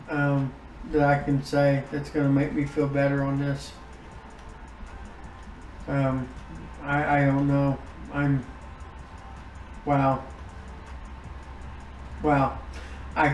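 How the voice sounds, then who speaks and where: A man narrates his game season in an easygoing commentary voice, a little higher than most men. He loudly groans and cheers at the results. His voice sits back from the mic in a roomy, echoing space with faint music underneath. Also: recorded from a distance. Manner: emotive, groans and exclaims over results. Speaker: gaming YouTuber. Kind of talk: casual gameplay commentary.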